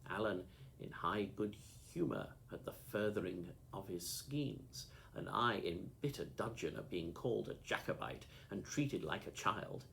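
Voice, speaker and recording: A man narrating an audiobook with lively, expressive storytelling, over a faint background hiss. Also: on the low side, unhurried, creaky, rough recording. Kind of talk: audiobook reading.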